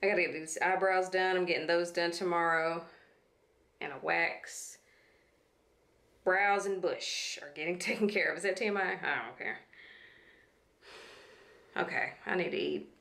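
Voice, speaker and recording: A woman's voice: lowish voice, steady tone, normal speed, pauses often, fairly bright tone, no echo. A woman, chatting frankly and casually to the camera in a vlog, swearing freely. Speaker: vlogger. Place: in a car. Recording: clear car road noise.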